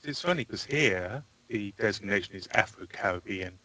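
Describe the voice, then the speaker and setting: An English man chatting as a podcast guest, his voice lower-pitched but bright and forceful. He talks in a measured way, explaining at length. The sound is dry and close. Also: expressive, dry recording, rough recording. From South London, England. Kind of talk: casual podcast chat.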